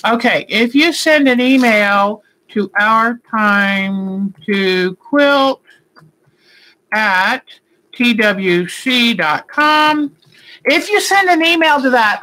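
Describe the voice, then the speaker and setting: A middle-aged woman hosts a quilting live stream from home, chatting warmly with viewers and answering their comments in a rambling, affectionate way. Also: medium pitch, takes it slowly, low-quality recording. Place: indoors at home at a computer.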